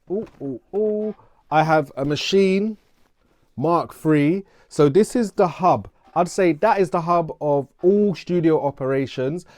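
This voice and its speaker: A man's voice: fairly high pitch, darkish tone, no room sound. A man in his thirties from London with a London accent, giving a casual, playful, self-mocking channel intro as a vlogger and music producer. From England. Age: 30s.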